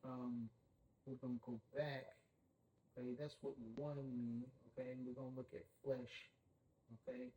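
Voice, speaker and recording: A man's voice: medium pitch, flat delivery, normal speed, dark tone, a little hiss or hum, low-quality recording. A man leading a Bible study, who keeps saying "okay?" and puts questions to his group. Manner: checks in with "okay?" constantly, asks the group questions.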